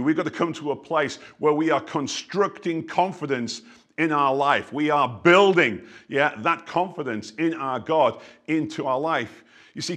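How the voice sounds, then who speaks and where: A man delivers a sermon as the church's pastor, in a voice pitched a little higher than most men. He preaches with emphasis, punctuating his phrases with frequent "yeah" asides. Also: a bit bright.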